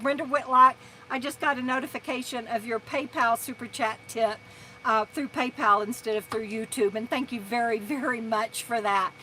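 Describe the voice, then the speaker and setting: A woman hosting a casual live stream, telling stories in an animated way, laughing often and stumbling through restarts as she thanks her viewers. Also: fairly high pitch, low-quality recording. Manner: halting with repeated restarts.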